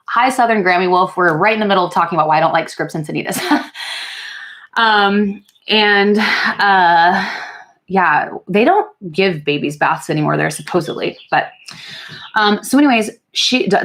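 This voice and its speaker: A young woman chatting to camera while she does her makeup, her voice a touch low for a woman. She tells the story frankly and with exasperation, swears without pause, and fills it with "like" and "um". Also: fairly bright tone. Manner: frank and exasperated, swears freely, many fillers. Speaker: beauty vlogger. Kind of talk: casual get-ready-with-me storytelling. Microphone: camera mic while doing makeup.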